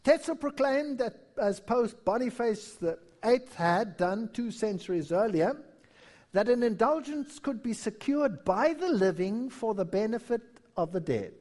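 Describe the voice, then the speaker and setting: A man's voice: high-pitched, big pitch swings, measured pace, darkish tone. A man preaching a history sermon, telling the story with animation and acting out the quotes. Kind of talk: sermon-style history lecture.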